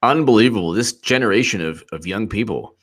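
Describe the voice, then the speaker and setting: A man in his forties hosting casual political commentary, animated and quick to laugh, reading quotes aloud in a mocking tone. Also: lowish voice. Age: 40s. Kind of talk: casual live-stream commentary.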